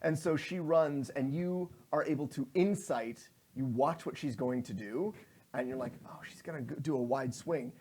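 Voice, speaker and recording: A man narrating as game master of a tabletop game, lively, slipping into quick voices for his characters. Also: mid-range voice, husky.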